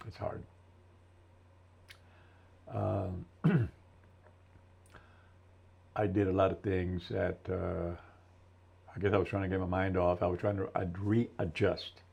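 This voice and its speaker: A man in his seventies, an interview guest and military veteran, telling his story slowly and thoughtfully with many restarts in a gravelly voice. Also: sits low, little pitch movement, darkish tone. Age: 70s. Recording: dull lo-fi recording.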